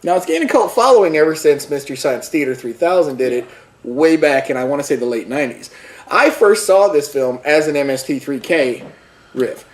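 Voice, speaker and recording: A man's voice: fairly high pitch, expressive, fairly quick. A man hosting a casual podcast chat, telling a rambling, jokey movie recap with lots of asides. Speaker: podcast co-host. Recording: roomy echo.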